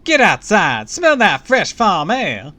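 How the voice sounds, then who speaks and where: A man putting on a booming, chipper Southern farm lady. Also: huge pitch swings, slow, sharp tone, exaggerated voice. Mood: bossy chipper. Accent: American Southern, put on. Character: loud bustling farm woman, older, boundless energy.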